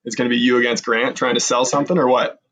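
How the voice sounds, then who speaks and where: A man hosting a podcast who chats in a relaxed, agreeable way and asks his guest questions. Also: medium pitch, fast talker, background noise. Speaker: podcast host. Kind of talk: casual podcast chat.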